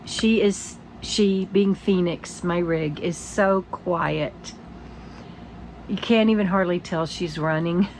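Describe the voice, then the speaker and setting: Older woman, tired, casual morning vlog chat, halting and rambling, lowish voice, faint room ambience. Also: slight background noise, poor audio. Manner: rambling, halting, with frequent restarts and soft laughs. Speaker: vlogger. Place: inside her RV.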